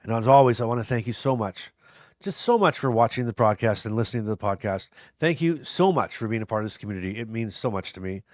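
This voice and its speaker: A man's voice: lowish voice, expressive, fast talker, dry recording. A man hosting a podcast, talking to his viewers in an earnest, encouraging way with some self-deprecating humor. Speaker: podcast host. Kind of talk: casual podcast talk to viewers.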